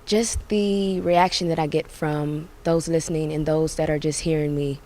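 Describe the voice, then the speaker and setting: A young adult woman and singer, talking softly and reflectively about her path in a casual interview, with many fillers. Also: low voice, fairly even intonation, normal speed.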